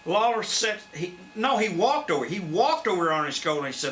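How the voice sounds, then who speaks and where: Brief: foul-mouthed man, fifties, drawl, high and lively delivery, faint hiss. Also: brisk. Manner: blunt, profane, animated storyteller. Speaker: interview guest, former wrestler. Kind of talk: profane shoot interview storytelling. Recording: faint background noise.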